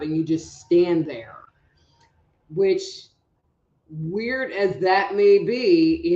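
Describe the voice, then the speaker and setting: A woman's voice: fairly low pitch, a little mellow, echoey room, muffled recording. A woman hosting a live online show as a psychic reader, chatting casually and rambling through stories while calling out audience members by name. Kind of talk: casual live-stream chat.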